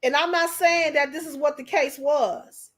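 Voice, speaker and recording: Emotional, preachy high-voiced woman. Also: steady tone, moderate pace. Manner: preachy, repeats herself, calls listeners honey. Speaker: commentator. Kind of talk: emotional commentary.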